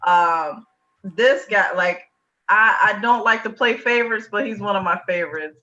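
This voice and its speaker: The host of an online comedy show, introducing comedians over a video call in a chatty, excited way. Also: mid-range voice, normal speed, lo-fi sound, soft background music.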